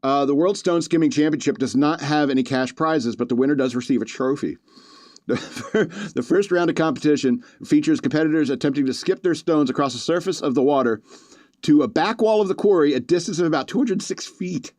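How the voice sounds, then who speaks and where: A man's voice: on the high side, brisk, darkish tone, no echo. Chatty male podcast host, dry mic. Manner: chatty, reads news aloud with asides and chuckles. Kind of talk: casual comedic commentary.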